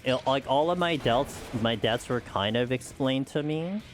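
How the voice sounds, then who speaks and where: A man's voice: medium pitch, moderate pace, faint music behind. A man streaming a game, chatting casually with viewers in a rambling way full of "like" and "you know". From United States. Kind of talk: casual chat while playing.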